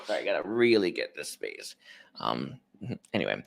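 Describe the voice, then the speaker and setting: A man giving a casual tarot reading, rambling and hesitant, with many restarts and soft laughs. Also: sits low, sing-song, moderate pace, gravelly. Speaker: tarot reader.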